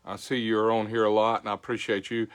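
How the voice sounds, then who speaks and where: A man's voice: on the low side, flat delivery, fast talker, clear, resonant tone. An older man hosting a casual livestream, folksy, greeting viewers by name. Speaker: show host. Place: home.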